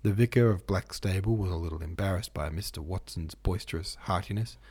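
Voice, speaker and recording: Husky, dark-voiced male narrator. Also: low voice, brisk. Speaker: audiobook narrator, podcast host. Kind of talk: literary audiobook reading.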